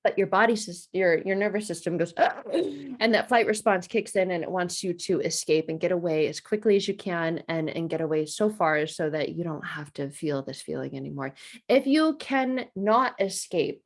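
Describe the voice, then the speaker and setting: A woman teaching about trauma responses to camera in a conversational way, acting out inner reactions with quick changes of voice. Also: lowish voice. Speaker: trauma educator. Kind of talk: explanatory video lesson.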